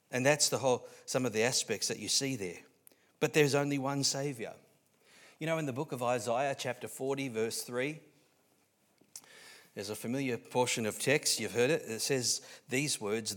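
A man with an Australian accent preaching a sermon as pastor, swinging between hushed lines and loud, emphatic ones, often restarting his words. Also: mid-range voice, animated, unhurried. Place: church.

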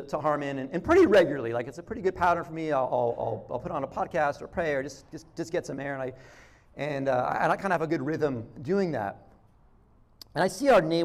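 A man preaching a sermon in a relaxed, conversational way, restarting phrases and acting out quotes. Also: mid-range voice. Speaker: pastor.

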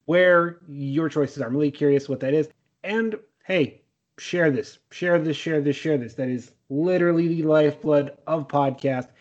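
A man's voice: fairly high pitch, a little mellow, dull audio. A man co-hosting a podcast, delivering an upbeat, playful outro. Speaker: podcast co-host. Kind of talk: casual podcast chat.

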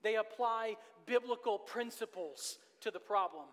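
A man with a very high voice preaches to his church, earnest and fond of repeating his main points. His voice rings out with a long reverb in the large sanctuary. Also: a little slow, fairly bright tone. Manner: earnest, repeats key phrases for emphasis. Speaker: pastor. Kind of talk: sermon.

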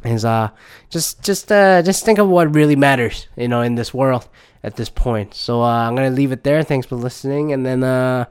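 Podcast host, male, mid-pitched, smooth, clear voice; loose, profane rambling delivery, drained and under the weather. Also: normal speed. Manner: rambling rant, swears often, retells with "I go like". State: low on energy, under the weather. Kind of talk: casual solo podcast chat.

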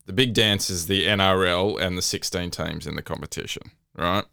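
Podcast co-host: man, smooth low voice, dry wit, close and dry sound. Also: steady tone, normal speed, pushed and bright, dry recording. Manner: dry wisecracking, lots of fillers. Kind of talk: casual chat.

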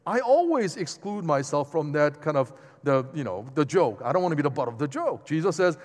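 Man preaching, higher voice, lively pitch, chatty asides, church hall echo. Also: a little fast, hardly any pauses. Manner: animated, conversational preaching with asides to the congregation. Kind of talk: sermon. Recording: long hall reverb.

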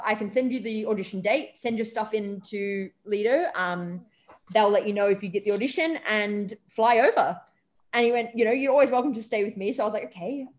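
A young Australian woman telling a story as an interview guest, chatty, acting out the voices of the people she quotes. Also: fairly high pitch. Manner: lively anecdotes, acts out quoted voices, frequent "um" and "like". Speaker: interview guest, stage performer. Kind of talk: casual storytelling.

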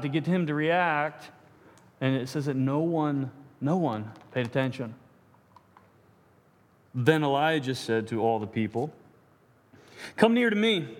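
A man with a notably high, light voice preaches in a hall whose long reverb trails each phrase. He reads scripture aloud, then breaks off into joking, self-deprecating commentary. He often stumbles and restarts mid-sentence. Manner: frequent stammered restarts. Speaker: pastor. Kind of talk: sermon.

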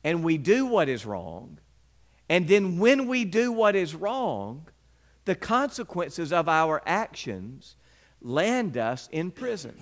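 A man's voice: a little high, slow. A man from Mississippi, preaching a sermon and telling personal stories with acted-out scenes and sound effects. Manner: animated storyteller who acts out scenes with sound effects.

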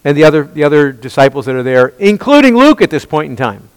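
A man's voice: a little high, very animated, quick pace, smooth, big-room sound, rough recording. A man teaching a Bible study, asking rhetorical questions and answering them himself, often restarting and repeating words.

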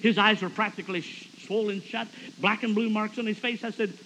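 A man's voice: high-pitched, a little fast, slight background noise, poor audio. A man preaching a storytelling sermon at a camp meeting, acting out the people he quotes. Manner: animated, acts out quoted voices.

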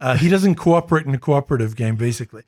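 A man's voice: medium pitch, lively intonation, very fast, darkish tone. A man on a podcast in casual chat, explaining game rules plainly and telling wry stories about a fellow player. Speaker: podcast co-host.

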